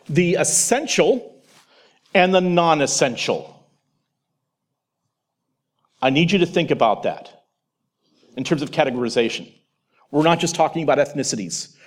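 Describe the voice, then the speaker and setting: A man giving a Christian teaching presentation, telling a story straight to the listener in an animated way. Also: on the high side.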